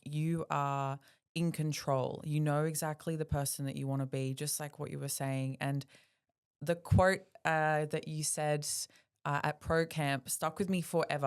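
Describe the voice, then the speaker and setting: A woman's voice: sits low, smooth. A woman hosting a podcast, interviewing a guest in an admiring, enthusiastic way. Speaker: podcast host. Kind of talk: conversational interviewing.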